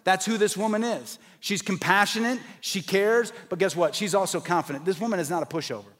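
A man with a high voice preaches to his congregation, shifting between emphatic points and relaxed storytelling. His words ring out with a long reverb off a large church hall. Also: a little fast. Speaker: pastor. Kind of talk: sermon.

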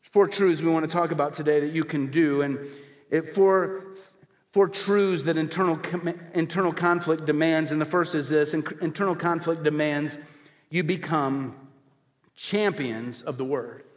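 A high-voiced man preaches in an animated, rising-and-falling delivery, throwing rhetorical questions out to his congregation. His voice rings with a long hall reverb around him. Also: normal speed. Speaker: pastor. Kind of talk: sermon. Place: church hall before a congregation.

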